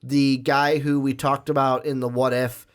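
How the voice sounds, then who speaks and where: A man's voice: mid-range voice, little pitch movement, moderate pace. Chatty young man hosting a podcast. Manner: rambling and chatty, with frequent fillers and restarts. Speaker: podcast host. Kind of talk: casual podcast chat.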